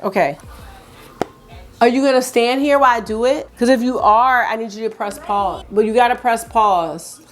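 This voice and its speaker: A woman's voice: fairly high pitch, normal speed. A young adult woman chatting enthusiastically at home as she reviews makeup for her vlog. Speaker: beauty vlogger. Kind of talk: casual makeup review chat.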